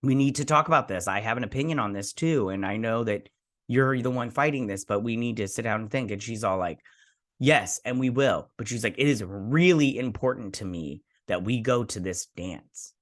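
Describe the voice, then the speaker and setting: A man's voice: medium pitch, moderate pace. A young man hosting a show, casually retelling a TV episode in a rambling way, quoting characters as he goes. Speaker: show host.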